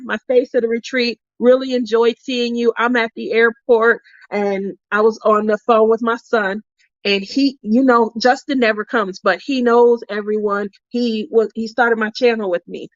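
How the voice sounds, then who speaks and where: A woman's voice: fairly high pitch, unhurried, no room sound. Bubbly laughing woman vlogger, dull audio. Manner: bubbly, laughs often, animated retellings. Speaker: crafting channel host. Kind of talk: chatty storytelling vlog. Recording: dull lo-fi sound.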